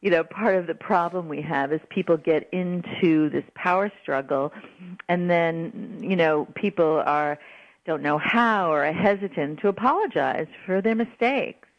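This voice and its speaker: A woman guest on a radio call-in show giving parenting advice in an earnest, animated way. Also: lowish voice, measured pace, dry recording. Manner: earnest, animated, acts out quoted apologies. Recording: dull lo-fi radio broadcast.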